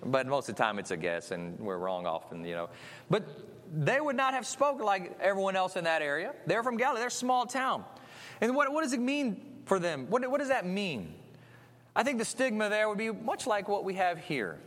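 A man's voice: high voice, sing-song, moderate pace, a bit bright. A man preaching a conversational sermon, chatty and tossing in tag questions and restarts as he goes. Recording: long hall reverb.

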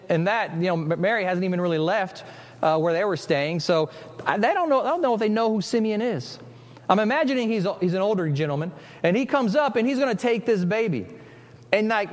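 High-voiced male pastor in a reverberant hall. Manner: conversational, self-interrupting, acts out quoted voices. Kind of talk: sermon.

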